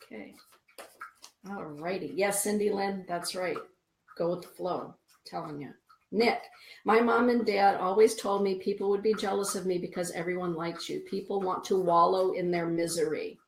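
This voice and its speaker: A woman's voice: on the low side, fairly even intonation, moderate pace, vocal fry. Soothing woman with echoey room sound. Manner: soothing, repeats phrases, reads viewer comments aloud. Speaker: spiritual live-stream host. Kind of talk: live-stream chat with card readings.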